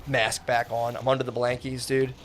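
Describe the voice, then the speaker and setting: A young man with a mid-pitched voice tells a story in a loose, rambling way, dropping filler words and swearing freely. When he quotes people his pitch jumps around. A little room ambience sits faintly behind him. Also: little pitch movement, moderate pace, fairly bright tone, a little hiss or hum. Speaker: streamer telling a story. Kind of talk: casual storytelling.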